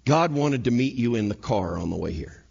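Animated male pastor preaching. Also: medium pitch, normal speed, vocal fry, slightly rough, dull audio. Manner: animated, acts out scenes in quoted voices. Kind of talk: sermon. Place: church sanctuary.

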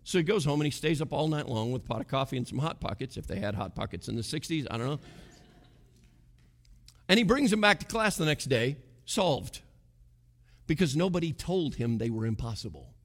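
A man's voice: medium pitch, very animated, brisk. A man preaching a sermon in an emphatic, conversational way, asking the congregation rhetorical questions. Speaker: pastor.

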